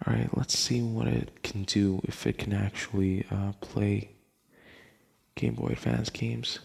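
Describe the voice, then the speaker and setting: A man's voice: on the low side, flat delivery, a little slow, creaky, darkish tone, breathy edge. A young man hosting a casual late-night podcast, rambling, laughing often and swearing casually. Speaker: podcast host.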